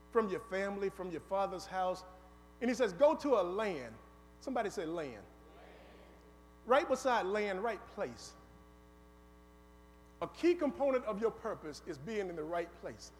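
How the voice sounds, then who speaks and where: A man's voice: high-pitched, slight background noise. A man preaching a sermon in a church, telling a story, acting out its voices and calling on the congregation to answer. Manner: call-and-response, acts out voices in the story. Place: church sanctuary. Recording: long hall reverb.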